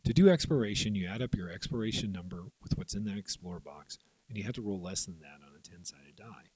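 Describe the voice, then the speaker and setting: Low husky man explaining a board game. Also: expressive, darkish tone, rough recording. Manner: explains step by step, voices players' moves in quick asides. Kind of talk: tabletop game rules walkthrough.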